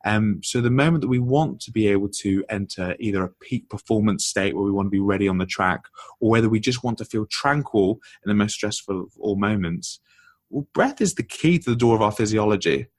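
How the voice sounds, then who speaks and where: A man being interviewed as a guest author on a podcast, explaining ideas in an energetic, conversational way. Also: on the low side, a little fast, no echo.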